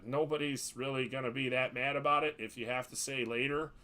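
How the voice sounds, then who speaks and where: A man's voice: medium pitch, fairly even intonation, a little fast, bright, forceful tone. A man who works as a hockey referee, chatting on a podcast and telling stories with plenty of emphasis. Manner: storytelling, emphatic. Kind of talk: podcast chat.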